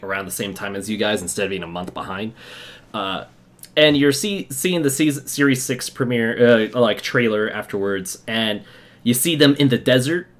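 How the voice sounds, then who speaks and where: A young man from Utah hosting a casual podcast, telling excited fan stories with quick asides and laughs. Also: medium pitch. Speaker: podcast host. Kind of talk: casual chat.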